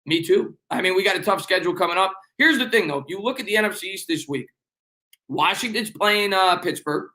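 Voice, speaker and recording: A man's voice: high voice, lively intonation, bright, forceful tone. A young man with a New York accent hosting a sports live stream, reading viewer comments in a rambling, joking, repetitive way. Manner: fast, rambling, repeats himself, joking banter.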